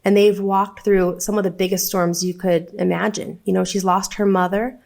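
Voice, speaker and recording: A woman's voice: medium pitch, flat delivery, normal speed, vocal fry, a little mellow. A woman being interviewed as a guest on a podcast, speaking earnestly and with heartfelt conviction.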